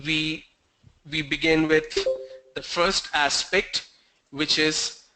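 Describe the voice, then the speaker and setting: A man's voice: a little high, flat delivery, takes it slowly, background noise. A man teaching an online English class over a video call, quizzing students and joking with them. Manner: asks the class questions, teasing and joking. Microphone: video call mic.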